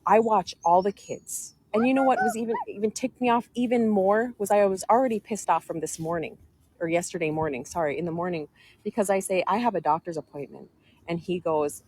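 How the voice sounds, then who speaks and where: A woman's voice: on the low side, brisk, darkish tone, slightly rough. Aggrieved woman rambling through her story. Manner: aggrieved, rambling, quotes others in her own voice. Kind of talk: casual storytelling to a live audience.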